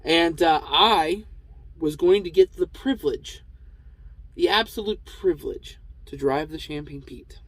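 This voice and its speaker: A man's voice: on the high side, a little slow, no room sound, poor audio. Rambling man telling a trucking story. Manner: rambling, with many fillers and restarts. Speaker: truck driver and vlogger. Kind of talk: casual storytelling.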